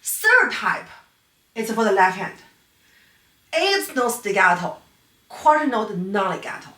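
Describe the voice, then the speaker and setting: Her voice is medium in pitch, sing-song and slow, bright with a forceful tone, and she is far from the mic. A female piano teacher whose first language is Chinese, she delivers a patient, explanatory online lecture on technique using non-native phrasing. Echo fills the room and she sounds slightly off-mic.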